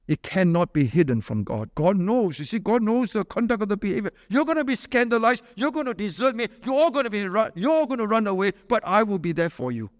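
A man preaches with strong emphasis, his fairly high voice rising to urge and dropping low to plead. His close voice is dry, yet a long reverb from the hall trails behind it. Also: big pitch swings, a little fast, hardly any pauses. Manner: emphatic, swings between loud high urging and low quiet pleading. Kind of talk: sermon.

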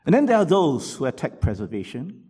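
A man preaching a sermon, swinging between loud rhetorical questions and low asides, and reading quotations aloud from books. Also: huge pitch swings, fairly quick, breathy edge.

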